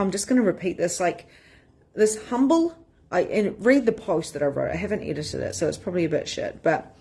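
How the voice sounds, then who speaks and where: A spiritual empowerment coach in her thirties talks to her members on a casual live stream, frank and energetic, with casual swearing. Her voice has a medium pitch and a slightly rough edge.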